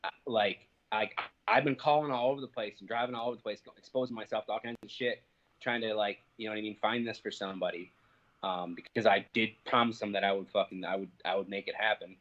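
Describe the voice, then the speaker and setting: A man's voice: on the low side, fairly even intonation, fast talker, a bit bright, lo-fi sound. A young man being interviewed, telling an angry story full of swearing and fillers. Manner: heated, profane storytelling with many fillers. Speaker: interview guest, professional fighter. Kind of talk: casual phone interview.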